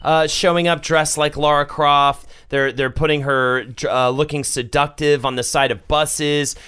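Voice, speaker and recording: Male podcast co-host, smooth and resonant, easygoing storyteller. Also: on the high side, level tone, a little slow, sharp tone. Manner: storytelling, hesitant with fillers, profane. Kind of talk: casual chat.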